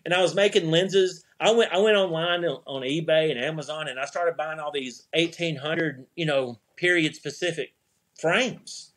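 A man's voice: on the high side, steady tone, moderate pace, a bit bright. A man telling rambling anecdotes as a podcast guest, often restarting his sentences and chuckling. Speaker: podcast guest, eyewear company CEO. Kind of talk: casual storytelling interview.

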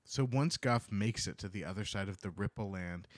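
A man co-hosting a podcast, retelling a book chapter in casual, lively chat. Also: lowish voice, moderate pace, dry recording. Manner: lively storytelling, laughs often. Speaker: podcast co-host.

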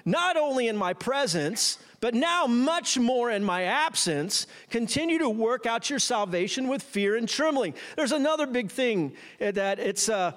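Lively high-voiced man preaching. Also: a little slow, few pauses. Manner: playful, talks straight to the congregation. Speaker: pastor. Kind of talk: sermon.

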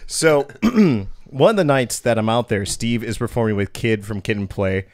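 A man's voice: medium pitch, moderate pace, no echo, clean studio sound. A man co-hosting a podcast, telling jokey, profane stories in casual chat. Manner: profane, joking, easygoing storytelling. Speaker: podcast co-host.

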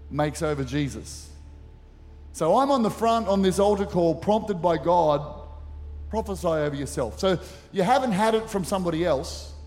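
A man's voice: sits high, a little mellow. A middle-aged man preaching a sermon as pastor, telling stories animatedly with acted asides. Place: church auditorium. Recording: church hall reverb with faint music.

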